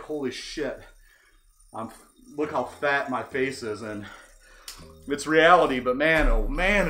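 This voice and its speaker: A man in his forties, speaking with a fairly high and slightly bright voice, hosts a livestream from an indoor bike trainer. His rambling monologue is candid and self-deprecating with a wry edge, set against faint background music.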